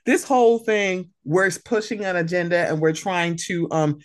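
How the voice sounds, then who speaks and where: A woman hosting a podcast in casual chat, animated and sassy, acting out exchanges with people. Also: on the low side, moderate pace. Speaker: podcast host.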